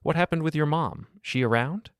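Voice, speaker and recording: A man's voice: a little high, normal speed, clean tone, dry recording, clean studio sound, pitched above the performer's own voice, natural voice. A man voicing a hesitant, anxious young man at a party in a storybook reading, uncertain and defensive. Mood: uneasy.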